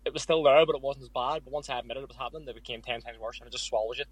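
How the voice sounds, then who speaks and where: Young irish guy on a podcast, quick and candid, dry close sound. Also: mid-range voice, steady tone, husky, no echo, rough recording. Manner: candid, storytelling with quoted asides. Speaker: guest boxer. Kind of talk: casual podcast interview.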